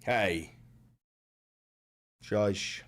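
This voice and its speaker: A man hosting a political livestream, ranting loudly in a profane, mocking and combative way. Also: on the low side, very slow. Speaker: livestream host.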